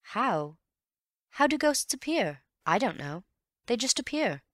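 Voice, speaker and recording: A woman reading an audiobook and voicing an eager, excitable young Englishman who is easily puzzled, with quick, breathless exclamations. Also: on the high side, dry recording, studio quality, voice pushed up. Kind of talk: audiobook character voice.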